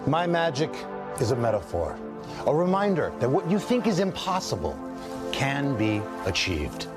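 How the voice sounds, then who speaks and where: A man's voice: mid-range voice, huge pitch swings, normal speed. A man playing a showy male stage magician, delivering dramatic patter in a TV clip. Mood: grandiose. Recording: clip with loud music underneath.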